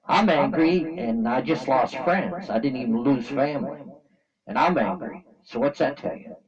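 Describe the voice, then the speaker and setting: Vlogger, Canadian man, blunt and angry, colloquial and repetitive, recorded dull and distant with crowd noise behind. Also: medium pitch. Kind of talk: blunt opinion rant to camera.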